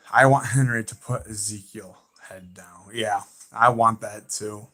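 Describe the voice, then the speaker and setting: A man with a Southern accent hosting a livestream, chatting excitedly and emphatically with viewers, repeating his points. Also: lowish voice, unhurried. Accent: American Southern. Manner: excitable and emphatic, repeats himself, talks back to chat. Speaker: livestream host. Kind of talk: casual fan chat on a livestream.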